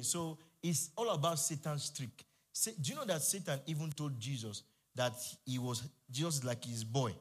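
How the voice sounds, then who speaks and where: A middle-aged male pastor, preaching fervently and leading the congregation in call-and-response, rising at times to shouts. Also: fairly high pitch. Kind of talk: sermon.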